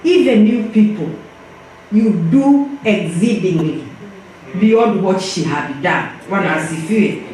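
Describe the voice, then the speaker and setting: A woman's voice: on the low side, expressive, unhurried, slight background noise. An older woman with a Kenyan accent speaking fervently and preacher-style at a memorial service, heard from far off in an echoey church hall. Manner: fervent, preacherly, repeats "praise the Lord".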